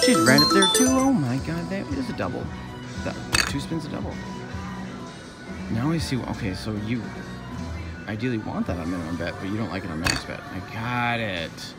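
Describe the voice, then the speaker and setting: A man vlogging his slot machine play, trading profane, excitable outbursts with jokey asides. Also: mid-range voice, moderate pace. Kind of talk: live commentary while playing slots. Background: loud slot machine music and chimes.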